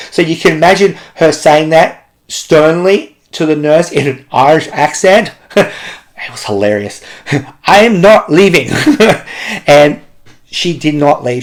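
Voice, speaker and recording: A young adult man leading a children's ministry talk, telling a story with frequent laughter. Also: on the high side. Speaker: kids club leader.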